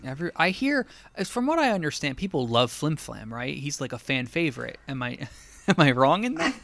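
Gravelly man cracking dry jokes. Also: a little high, sing-song, fairly quick, fairly bright tone. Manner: dry, joking, laughs along. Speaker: podcast guest. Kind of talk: casual podcast chat.

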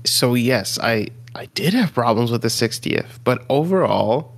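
A man's voice: medium pitch, expressive, measured pace, creaky. Chill guy chatting on a podcast, medium voice, laughs a lot. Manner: laid-back, laughs easily, fillers. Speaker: podcast co-host. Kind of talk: casual chat.

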